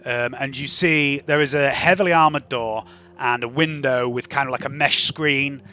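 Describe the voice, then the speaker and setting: Bright-voiced game master narrating. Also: male voice, medium pitch, moderate pace. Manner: descriptive, relaxed narration with fillers. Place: online voice call.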